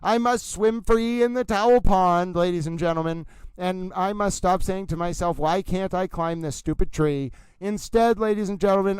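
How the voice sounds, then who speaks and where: Male livestream host, theatrical and playful, with a smooth, resonant voice. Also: high voice, normal speed, dry recording, poor audio. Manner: silly, theatrical, rambling, addresses "ladies and gentlemen".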